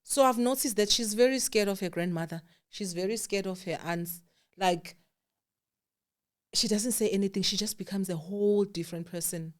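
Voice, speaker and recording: A South African woman, a guest telling a personal story in a candid, animated way, voicing the people she quotes and dropping to a hush at times. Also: mid-range voice, normal speed. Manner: candid, animated quoting of others, drops to hushed tones.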